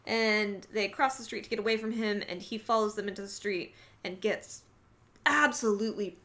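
A woman's voice: medium pitch, moderate pace, fairly bright tone. A woman co-hosting a podcast, joking her way through a casual movie recap. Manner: joking, playful, conversational. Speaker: podcast co-host.

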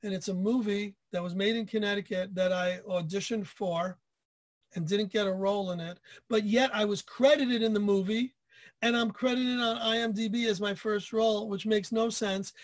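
A man's voice: high-pitched, steady tone, normal speed, no room sound. A man hosting a casual chat, telling his own stories with enthusiastic self-deprecation. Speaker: podcast host.

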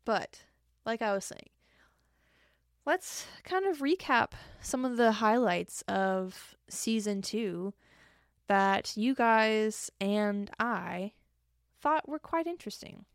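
Tired from getting up early, a young woman chats solo on her podcast, self-deprecating and full of jokey tangents. She speaks slowly and animatedly at a medium pitch, in a dry, clean studio recording.

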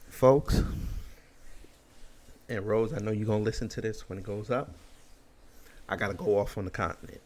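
A man's voice: fairly low pitch, normal speed, long pauses, darkish tone. A man hosting a commentary show, ranting bluntly and emphatically with crude language. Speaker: commentary host.

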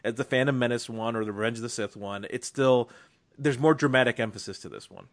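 A man co-hosting a film podcast talks in a casual, emphatic way, often stopping and restarting his sentences. His voice sits at an ordinary middle pitch. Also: fast talker. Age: young adult or middle-aged, a father. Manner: enthusiastic, emphatic, many restarts. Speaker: podcast co-host.

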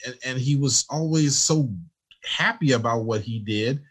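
A man who works as a teacher, telling stories in a relaxed interview and acting out the dialogue he quotes. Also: mid-range voice, a little slow. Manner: animated storyteller, acts out quoted dialogue. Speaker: teacher, guest. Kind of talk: storytelling in a conversational interview.

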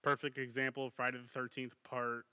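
A man co-hosting a casual movie podcast, talking excitably with lots of swearing and restarts. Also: mid-range voice, moderate pace, clean tone, no echo. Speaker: podcast co-host.

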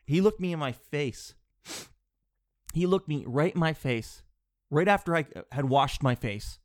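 A man with a cold, sniffling as he rambles through an animated, digressive comic monologue from his home office. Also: on the high side, unhurried. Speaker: vlogger.

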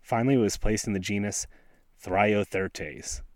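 A man with a West Virginian accent hosts his podcast from a snowy forest, talking in a laid-back, self-deprecating way. His voice sits on the low side. It is recorded close and dry, with little room sound. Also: steady tone, unhurried, darkish tone, no echo. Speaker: podcast host. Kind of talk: casual outdoor podcast talk. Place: snowy forest outdoors by a stream.

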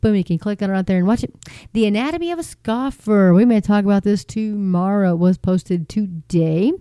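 Chatty woman rambling thru faith news commentary, lots of ums, warm dark voice, dry close sound. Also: medium pitch, brisk, smooth, no echo. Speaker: Christian commentary host. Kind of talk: casual prophecy news commentary.

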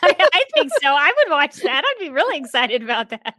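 A woman's voice: sits high, very animated, fairly quick, sharp tone, no echo, clean studio sound. A woman co-hosting a podcast in casual chat, enthusiastic, laughing often and searching for words. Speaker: podcast co-host.

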